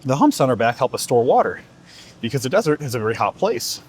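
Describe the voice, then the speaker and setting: A patient mother camel gives her son calm, plain explanations, as a man plays her. Her voice stays steady and unhurried at a middle pitch. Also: breathy edge.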